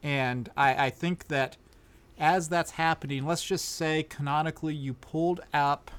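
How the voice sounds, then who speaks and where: A man's voice: on the high side, steady tone, a little slow, a bit bright, clear, resonant tone. A man running a tabletop game as game master, narrating easily and thinking aloud. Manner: easygoing, thinks aloud with fillers.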